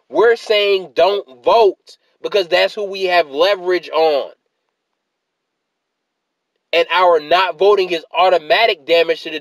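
A man's voice: sits high, no echo, low-quality recording. A man ranting in a video essay, exasperated and repeatedly demanding what people are talking about, tired after a work shift. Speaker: political commentator.

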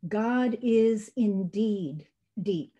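A woman voicing a wise, quiet old female turtle in a storybook reading, speaking slowly and gently. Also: mid-range voice, animated, highs cut off. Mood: gentle. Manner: slow, gentle storytelling cadence. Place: church.

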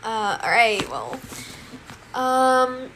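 A woman's voice: a little high, big pitch swings, very slow, bright, forceful tone, slight background noise, full character voice. Woman playing a klutzy quirky schoolgirl. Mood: flustered. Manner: flustered, scatterbrained.

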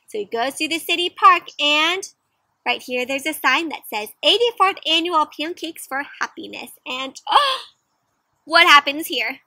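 A young adult woman reading a picture book aloud to children in an animated way, gasping and asking them questions. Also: high-pitched, a little slow, dry recording. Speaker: children's storyteller. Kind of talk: interactive read-aloud for kids.

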